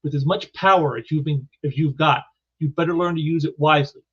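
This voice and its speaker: Blunt country townsperson, read plainly by a man, fairly high, muffled. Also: steady tone, brisk, breathy edge. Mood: scolding. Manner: reading a comic's lines aloud.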